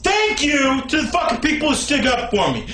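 A man with a very high voice shouts a profane comedic rant straight to camera. His tone is sharp and piercing, and his frantic, worked-up delivery bounces around an echoey room. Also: sing-song, normal speed. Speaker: vlogger.

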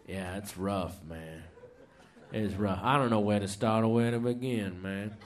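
A man voicing a gruff, down-and-out male stand-up comic with a very deep, mumbling, profane drawl. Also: measured pace, lightly acted. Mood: weary grumbling. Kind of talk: stand-up impression.

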